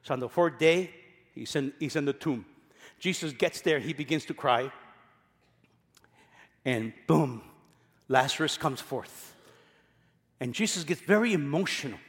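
A man with a high voice preaches a sermon in a church hall with long reverb. He is emphatic, repeats key phrases and drops from loud passages to quiet ones. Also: animated, unhurried, pauses often. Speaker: pastor.

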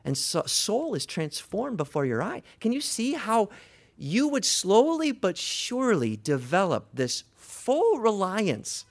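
A gravelly male preacher delivering a sermon with dramatic storytelling. His pitch rises and falls widely, and he drops to a hush one moment and calls out the next. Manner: dramatic storytelling, swings from hushed to loud.

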